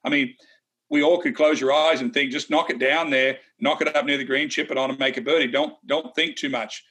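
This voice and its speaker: A man's voice: mid-range voice, steady tone, brisk, bright, forceful tone, breathy edge. A man who is a former tour golfer co-hosting a golf analysis chat, blunt and emphatic with some teasing.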